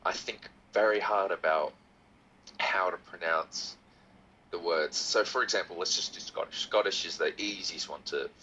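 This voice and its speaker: Low-voiced guy on a video call, bright, animated, laughs a lot. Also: moderate pace, highs cut off, a little hiss or hum. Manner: animated, laughs often, theatrical. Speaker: podcast guest. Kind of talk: casual chat.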